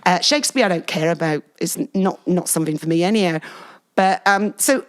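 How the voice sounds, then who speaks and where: A middle-aged woman, a guest telling animated stories in a casual interview. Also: lowish voice, brisk. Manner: lively, animated storyteller with frequent laughs.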